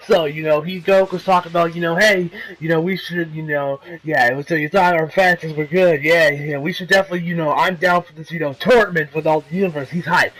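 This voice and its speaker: A man's voice: a little high, a bit bright, rough recording. A man casually recapping an anime episode, rambling with many fillers and laughs, and briefly putting on the characters' voices. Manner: acts out character lines in quick impressions. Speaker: anime reviewer.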